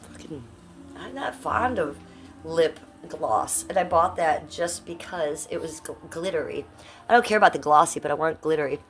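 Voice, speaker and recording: Middle-aged live streamer, woman, fairly low-pitched, frank and profane, home setup with faint music. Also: lively intonation, moderate pace. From Cleveland, Ohio, USA. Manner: blunt, profane, chatty; reads out chat comments. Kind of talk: casual live-stream chat.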